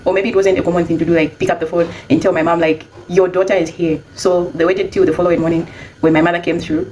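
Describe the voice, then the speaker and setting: A young adult woman casually telling a personal story, chatty and animated when she quotes herself. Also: fairly low pitch, fast talker, slight background noise, low-quality recording.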